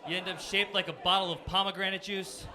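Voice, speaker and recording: A man in his twenties from Florida doing a self-deprecating stand-up set on a comedy club stage, punchy, with quick jumps into silly voices. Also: sits high, fairly even intonation. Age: 20s. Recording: noisy live comedy club with crowd laughter. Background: audience laughter.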